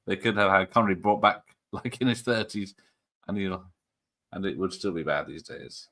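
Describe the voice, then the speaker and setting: Bright-voiced man joking about films. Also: low voice, moderate pace. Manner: joking, rambling, laughs often. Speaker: watch party host. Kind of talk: casual chat over a film.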